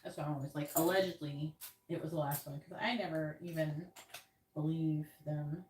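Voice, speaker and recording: A woman's voice: low-pitched, steady tone, normal speed, a little mellow, a little hiss or hum. A woman from New York hosting a livestream as a tarot reader, chatting casually and rambling, often laughing. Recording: roomy sound, distant from the mic.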